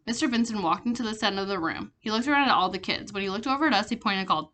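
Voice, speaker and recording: A woman reading a children's chapter book aloud, steady with small slips and restarts. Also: mid-range voice, racing. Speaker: reader.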